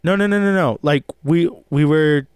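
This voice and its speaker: A man's voice: fairly high pitch, moderate pace, clean tone, no echo, clean studio sound. A man from El Paso, Texas, co-hosting a podcast in casual, swear-filled chat, telling stories with lots of fillers. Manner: loose, profane, storytelling with many fillers. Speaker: podcast co-host.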